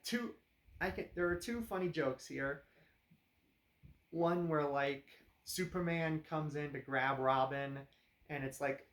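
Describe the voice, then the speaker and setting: A man's voice: on the high side, fairly bright tone. A man casually reviewing a movie, rambling with lots of fillers and dry sarcasm. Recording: roomy echo.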